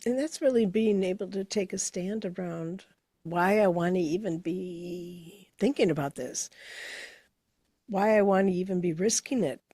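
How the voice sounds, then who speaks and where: A woman co-hosting a motivational podcast, speaking in a measured, reflective way as she builds her points. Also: lowish voice, warm tone, breathy edge, no room sound, clean studio sound. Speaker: podcast co-host. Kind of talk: casual motivational chat.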